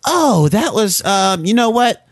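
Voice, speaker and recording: A man's voice: high-pitched, very animated, a little slow, no echo, clean studio sound, full character voice. A man voicing a nervous, evasive young boy who stammers and hesitates, in an improvised comedy sketch. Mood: hesitant.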